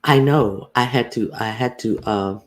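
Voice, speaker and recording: A woman hosts a casual livestream, greeting viewers by name and talking bluntly with plenty of profanity. Her voice is bass-deep, a little slow and a little mellow.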